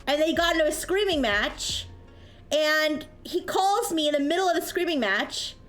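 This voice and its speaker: High-voiced woman streamer telling a story. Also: moderate pace. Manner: animated storytelling, acts out yelling voices. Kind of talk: casual stream chat. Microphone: desk microphone. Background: soft music.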